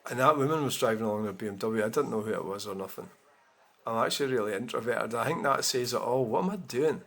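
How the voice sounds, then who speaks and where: A man's voice: mid-range voice, fast talker, creaky, fairly bright tone. Rambling man chatting to his viewers. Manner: rambling, many fillers and restarts. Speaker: channel host. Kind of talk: casual chat to camera.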